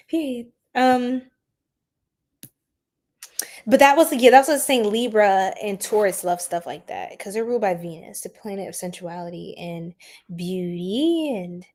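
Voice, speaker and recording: A woman's voice: mid-range voice, a little slow, pauses often, darkish tone. Chatty woman hosting an astrology livestream. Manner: chatty, slangy, laughing, reacting to chat. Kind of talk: casual livestream chat.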